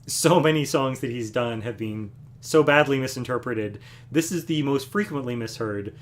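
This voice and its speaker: A man hosting a music livestream from home, casually explaining a song between numbers, relaxed and rambling with fillers. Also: medium pitch, moderate pace. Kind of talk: casual chat between songs. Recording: guitar playing loudly behind.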